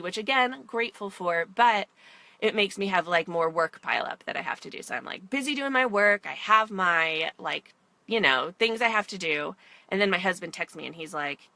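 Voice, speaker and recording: A woman's voice: medium pitch, pushed and bright, dry recording. A woman in her thirties chatting casually in a vlog, rambling with many fillers and getting emotional. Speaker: vlogger mom. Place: in her car.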